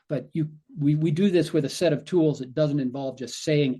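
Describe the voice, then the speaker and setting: A man's voice: a little high, moderate pace, warm tone, breathy edge. A male physician guest on a podcast, explaining in conversation and acting out the brain's inner voice in quoted asides.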